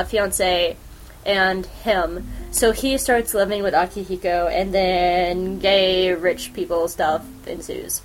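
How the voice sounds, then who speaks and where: A woman's voice: mid-range voice, poor audio. A woman hosting a podcast, reviewing anime in a rambling, casual chat with many fillers and giggles. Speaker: podcast host.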